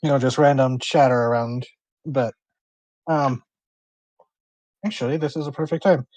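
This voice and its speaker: A man runs a tabletop role-play game as its game master, narrating the scene in a loose, rambling way full of fillers and restarts. His voice sits in a middle pitch, and the sound is dry and close to the mic. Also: fairly even intonation, moderate pace, a little mellow, dry recording.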